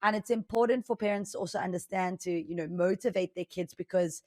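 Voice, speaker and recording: A young adult woman with a South African accent blended with Australian, a chatty, high-energy podcast guest talking about streaming. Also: brisk, no room sound. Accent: South African mixed with Australian. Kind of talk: casual interview talk.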